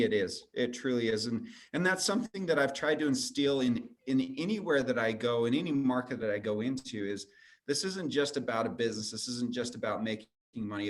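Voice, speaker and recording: Earnest man giving a motivational talk. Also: mid-range voice. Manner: earnest, persuasive, addresses listeners directly. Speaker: guest speaker. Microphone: video call.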